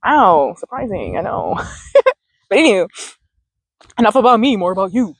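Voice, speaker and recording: A woman's voice: mid-range voice, sing-song, normal speed, breathy edge, dry recording. A woman hosting a mindfulness vlog outdoors, chatting casually, laughing often and swearing freely. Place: outdoors, sitting on dirt.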